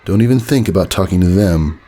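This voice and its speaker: A man voicing an anxious, prickly young filly pony in a fan audiobook, pushing his voice high and squeaky with a defensive edge. His voice carries a roomy reverb. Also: brisk, dark tone. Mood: annoyed.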